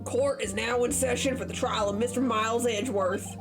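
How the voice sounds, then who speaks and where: A woman's voice: on the high side, fairly even intonation, fairly quick, over music, close to an everyday voice. A woman voicing a timid, flustered old male judge in a formal, hesitant manner.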